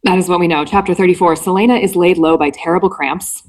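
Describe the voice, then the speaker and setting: A woman's voice: lowish voice, steady tone, fast talker, a little mellow. A woman hosting a book club podcast, casually summarizing chapters with lots of "um" and "like". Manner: summarizes chapters with filler "um" and "like", chatty. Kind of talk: casual book recap chat.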